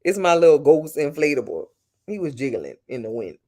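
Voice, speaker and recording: This woman talks a little fast in a low, dark voice with big pitch swings and a Louisiana accent. Live streaming from home at night, she answers chat with sass and playfulness, speaking straight to her viewers.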